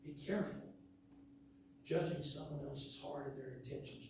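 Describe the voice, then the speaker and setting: A man's voice: mid-range voice, normal speed, vocal fry, pauses often, a little mellow, slight background noise. A man preaching a sermon in a church, reading scripture emphatically with chatty asides. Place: church sanctuary. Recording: echoey hall from a distance.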